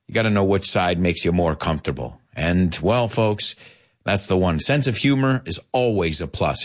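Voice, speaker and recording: An American man teaching English to Spanish speakers, animated, laughing at his own jokes and switching into Spanish to explain. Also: on the low side, slightly rough. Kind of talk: language lesson for Spanish speakers.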